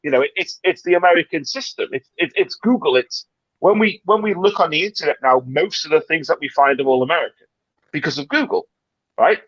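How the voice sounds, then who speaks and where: Animated British man on a muffled stream. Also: fairly high pitch, a little fast, dry recording. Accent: British English. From Britain. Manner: animated, dramatic and rambling, with many restarts. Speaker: livestream panelist. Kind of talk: casual chat.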